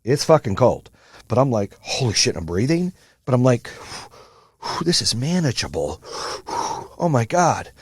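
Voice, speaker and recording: A middle-aged man hosting a solo motivational podcast, telling stories in a profane, animated way with lots of fillers. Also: medium pitch, unhurried, pauses often, husky, dry recording, clean studio sound. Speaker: podcast host.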